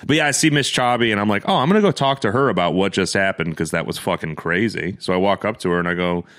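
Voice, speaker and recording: A young man co-hosting a podcast, telling stories in a casual, swearing, animated way and laughing often. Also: low voice, fast. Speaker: podcast co-host. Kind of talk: casual storytelling chat.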